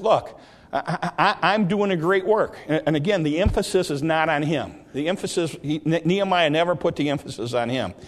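A man teaching a Bible study lesson, explaining in a halting way and often repeating words as he goes. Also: on the high side. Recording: long reverb of a large hall.

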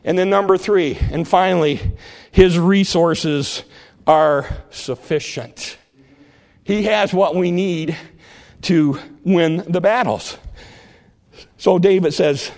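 An older man preaching a sermon, retelling a story in a lively, joking way. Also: high-pitched, takes it slowly, long pauses. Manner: lively, jokey storytelling with laughs.

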